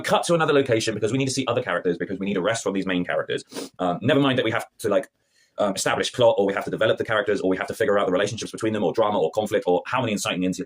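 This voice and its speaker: Brief: male reviewer, rapid-fire and sarcastic, very lively pitch, casual vlog review. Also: husky. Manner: sarcastic, animated, acts out scenes in mocking voices. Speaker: TV review vlogger.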